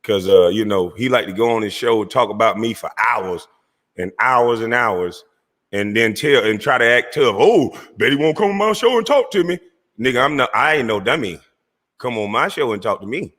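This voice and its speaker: A man's voice: fairly low pitch, normal speed, fairly bright tone, big-room sound. A man hosting his own livestream, delivering a heated, mocking call-out aimed straight at a rival. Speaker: livestream host. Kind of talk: confrontational call-out rant.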